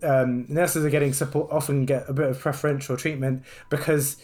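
A man co-hosting a casual podcast, talking in an animated way and slipping into mocking quoted voices. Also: medium pitch, brisk. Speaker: podcast co-host, doctor.

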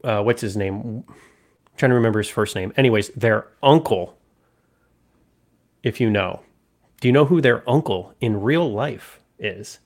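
A man's voice: on the low side, unhurried, long pauses. A man co-hosting a podcast, chatting casually about movies with friends, laughing often and acting out lines. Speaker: podcast co-host.

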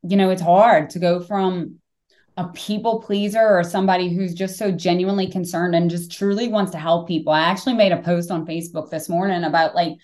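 A middle-aged woman hosting a podcast, telling stories in casual conversation, animated and swearing freely. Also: lowish voice, fairly quick. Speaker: podcast host.

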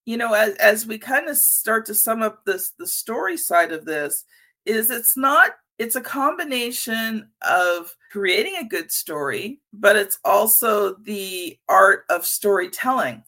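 A woman hosting a podcast interview, telling personal stories in a lively, expressive way. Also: medium pitch, measured pace. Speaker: podcast host. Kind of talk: conversational interview.

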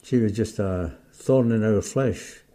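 Older Scottish man, interview guest, low and very mellow voice, blunt. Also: unhurried. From Scotland. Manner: blunt, plain-spoken, unsmiling. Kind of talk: casual interview.

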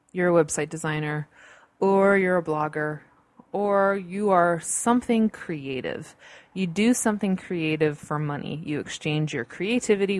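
Podcast host, woman, low-pitched, chatty and upbeat, dry home recording. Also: dry recording. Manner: bubbly, chatty, animated with playful asides. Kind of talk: casual solo podcast talk. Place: home in a large city. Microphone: computer-recorded podcast mic.

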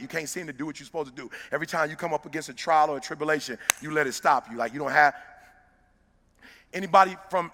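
Gravelly-voiced man giving a fiery motivational speech. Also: on the high side, sharp tone. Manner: emphatic, preacher-like, direct address to listeners. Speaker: motivational speaker. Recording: long reverb of a large hall.

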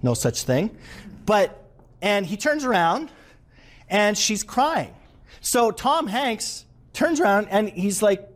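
A man giving an interactive leadership workshop to a live audience, animated and quizzing the room. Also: high-pitched, slow. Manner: animated, asks the audience questions.

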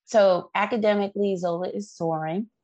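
A woman's voice: mid-range voice, fairly even intonation, normal speed, a little mellow, no room sound. A woman guest on an interview, earnestly telling a heartfelt story about her child. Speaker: guest parent.

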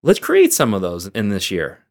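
A man's voice: on the low side, normal speed, gravelly. A man hosting a motivational podcast as a coach, talking earnestly and encouragingly straight to his listeners. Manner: earnest, encouraging, lively emphasis.

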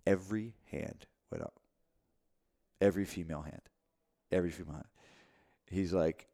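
A man in his thirties in casual chat, telling a story with many halting restarts. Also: sits low, steady tone, vocal fry, mellow.

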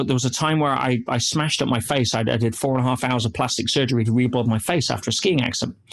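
A man speaking as an interview guest, telling stories animatedly and dropping in frequent "yeah"s and "you know"s. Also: medium pitch. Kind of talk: interview storytelling.

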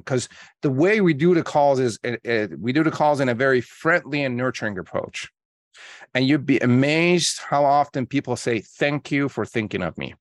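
A man with a medium-pitched voice is a guest on a podcast, talking as a marketing coach. He explains at length and acts out example phone calls in quoted voices. The sound is close and dry, with no room echo. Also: normal speed. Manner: energetic storyteller acting out calls in quotes. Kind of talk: podcast interview.

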